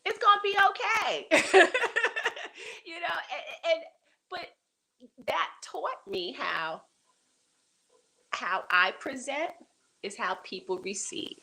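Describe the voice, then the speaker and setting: A woman talking as a guest on a talk show, telling personal stories in an animated way, laughing often and restarting her sentences. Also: high-pitched, very slow, vocal fry, long pauses, rough recording. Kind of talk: conversational interview storytelling.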